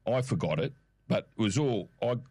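A middle-aged Australian man in casual chat as co-host, telling stories with lively acted-out quotes. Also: on the low side, normal speed, no echo, studio quality. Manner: animated storyteller, acts out quotes.

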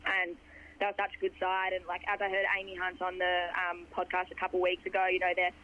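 A young Australian woman with a hoarse voice, a footballer chatting in a rambling way with lots of fillers during a phone interview. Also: on the low side, completely flat delivery, fast talker, a little hiss or hum. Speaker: footballer guest. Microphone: phone line. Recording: dull phone line.

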